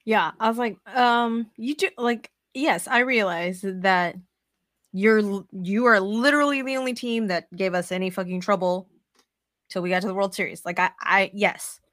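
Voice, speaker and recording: A woman's voice: mid-range voice, normal speed, no echo. This young woman hosts a laid-back podcast chat in a mid-range voice. She rants freely, swears often and acts out what she told herself. The sound is close and dry. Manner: animated, swears a lot, acts out her own quoted thoughts. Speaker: podcast host.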